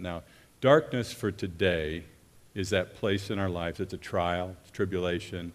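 A man preaches with a very deep, low-pitched voice that trails through the long reverb of a large church hall. He speaks earnestly and haltingly, often stopping partway and starting his sentences again. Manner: earnest, halting with many restarts. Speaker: pastor or worship leader. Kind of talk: sermon.

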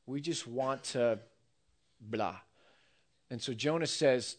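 A man preaching a sermon, telling a story with lively, acted-out quotes. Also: mid-range voice, takes it slowly, long pauses. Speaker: pastor.

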